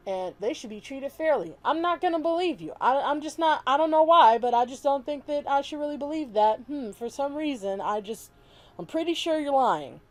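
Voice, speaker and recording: A woman's voice: a little high, darkish tone. A woman vlogger giving heated, profane opinion commentary, bluntly calling out people she disagrees with and mockingly imitating them. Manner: blunt, heated and profane, with sarcastic mimicking of others.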